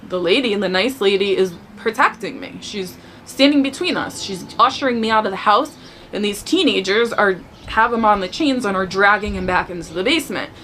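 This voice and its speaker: A woman sharing a personal faith testimony in casual storytelling, animated and acting out the dialogue as she tells it. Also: medium pitch, normal speed, a little hiss or hum. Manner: animated, acts out dialogue in the telling.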